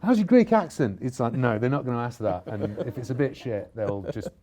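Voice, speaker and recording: A man's voice: medium pitch, fairly quick. A man with a Yorkshire accent talking animatedly in a casual interview, often restarting and joking at his own expense. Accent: Yorkshire (Bradford). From Bradford, England. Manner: animated, restarts often, self-mocking asides. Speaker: actor, interview guest.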